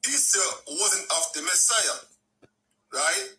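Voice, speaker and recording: Guy in a heated debate, high pitched, keeps repeating himself. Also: very animated, slow, sharp tone, poor audio. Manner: insistent, repeats himself, cuts in.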